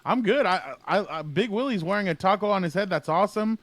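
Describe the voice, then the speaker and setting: A man's voice: sits high, expressive, a little fast, fairly bright tone, no echo. A man who is a guest reporter on a podcast, easygoing and amused, giving short replies. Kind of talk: casual podcast banter.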